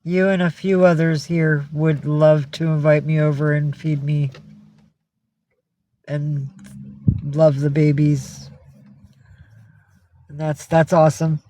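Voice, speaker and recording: A woman's voice: low voice, level tone, slow pace, long pauses, mellow. A woman livestreaming in casual chat, teary and emotional, slipping into baby talk with her cat. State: tearful.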